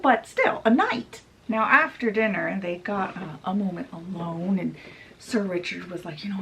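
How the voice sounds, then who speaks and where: Woman book vlogger, mid-pitched, chatty plot retelling with playful quoted dialogue, slightly distant mic. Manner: chatty, acts out quoted lines with "she's like"; laughs easily between lines. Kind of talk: casual retelling of a novel's plot. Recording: voice a bit off-mic.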